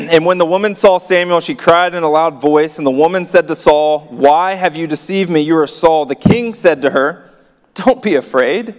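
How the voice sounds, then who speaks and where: A man preaches a sermon, reading scripture and stopping for chatty, wry remarks. His voice sits a little high for a man. It rings out with the long echo of a large hall. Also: steady tone, moderate pace, smooth. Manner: conversational, wry asides, reads verses aloud. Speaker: pastor.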